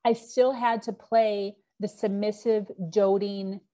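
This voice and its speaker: A woman's voice: medium pitch, fairly even intonation, slow pace, warm tone. A middle-aged woman, a podcast guest, candidly telling her own story with frequent fillers and acted-out quotes.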